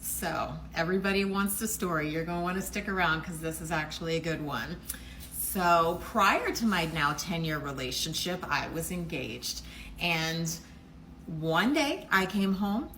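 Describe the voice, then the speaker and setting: A woman in her thirties telling a personal story in a measured, conversational vlog style. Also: on the low side, sharp tone, poor audio. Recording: faint background hiss.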